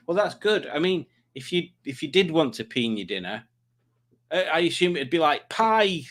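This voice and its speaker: A man's voice: fairly high pitch, sing-song, normal speed, fairly bright tone. A man hosting a live stream, chatting casually and joking while reading out viewer comments. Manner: playful, jokey, chatty asides.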